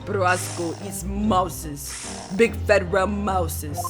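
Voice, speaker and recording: A woman voicing a gentle, blunt young woman in broken English over game music. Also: fairly low pitch. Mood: indignant. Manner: broken English, slow and deliberate.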